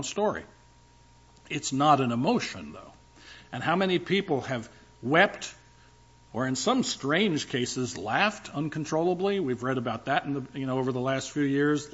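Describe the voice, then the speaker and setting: A man's voice: on the high side, highs cut off. An older male pastor preaching a sermon in a conversational, emphatic way, with asides to the congregation.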